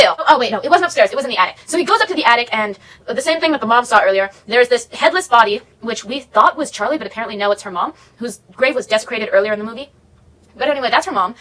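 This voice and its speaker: A woman's voice: sits high, bright, forceful tone, a little hiss or hum, low-quality recording. A woman vlogger recapping a movie in casual, sarcastic commentary, rambling and exasperated as she picks the plot apart.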